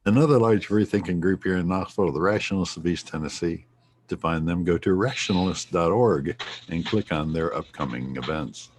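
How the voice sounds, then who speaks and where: A man co-hosting a community radio show, reading announcements and station details in a steady announcer manner. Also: sits low, brisk, slight background noise.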